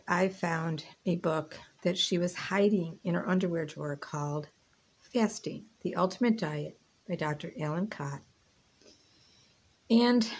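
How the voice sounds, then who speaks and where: A woman's voice: lowish voice, husky. A woman in her fifties chatting casually while she cooks in her home kitchen, rambling between stirring and tasting. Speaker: cooking and lifestyle vlogger. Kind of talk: casual chat while cooking.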